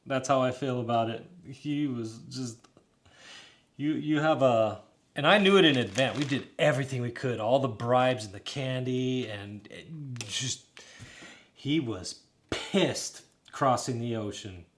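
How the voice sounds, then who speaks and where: A man's voice: medium pitch, measured pace, slight background noise. A man in his thirties chatting casually while building, rambling and laughing as he talks straight to his viewers. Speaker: hobbyist builder talking to stream chat. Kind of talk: casual live build chat.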